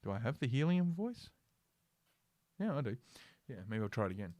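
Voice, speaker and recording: A man's voice: mid-range voice, big pitch swings, moderate pace, darkish tone, a little hiss or hum. A man hosting a casual ranting commentary stream from his computer, reading news aloud with sarcastic, profane asides and lots of fillers. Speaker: host.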